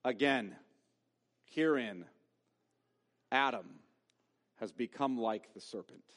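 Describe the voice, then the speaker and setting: A man's voice: mid-range voice, slow pace, a bit bright, in a large hall. A man preaching a sermon as pastor, emphatic and given to rhetorical questions. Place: church sanctuary.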